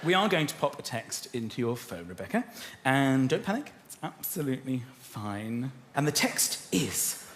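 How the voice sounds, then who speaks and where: A man hosting a comedy show in front of a live audience, playful and excitable. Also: medium pitch, normal speed, a little hiss or hum. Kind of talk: live stand-up banter with audience. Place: TV studio before a live audience. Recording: echoey studio with loud crowd laughter. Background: audience laughter and applause.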